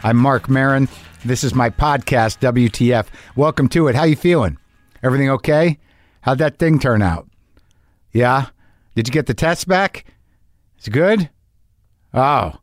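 A middle-aged man with a slight lisp rambles through his podcast opening, swearing and poking fun at himself. His voice sits in an ordinary male middle pitch. The sound is dry and close to the mic. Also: unhurried, long pauses, no echo. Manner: rambling, profane, self-deprecating. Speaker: podcast host. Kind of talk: casual monologue.

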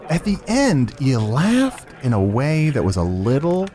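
A man's voice: medium pitch, wildly swooping pitch, a little slow, dark tone. A man hosting an improvised comedy chat, joking and often restarting his sentences. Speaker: host.

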